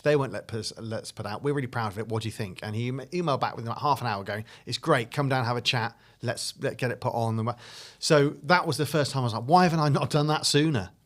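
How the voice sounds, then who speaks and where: A man, a comedy writer and guest, telling a rambling story in casual podcast chat with lots of fillers. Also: medium pitch. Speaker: comedy duo member, guest.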